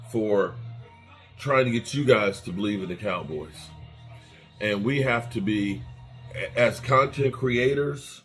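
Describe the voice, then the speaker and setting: A man's voice: fairly low pitch, slow, pauses often, a bit bright, faint music behind. A man hosting a fan channel, delivering an angry, repetitive rant with swearing.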